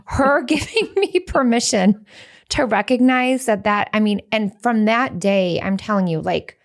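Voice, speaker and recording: A woman's voice: a little high, a little slow, vocal fry. A woman podcast co-host talking casually, sharing personal experience in a candid, earnest way.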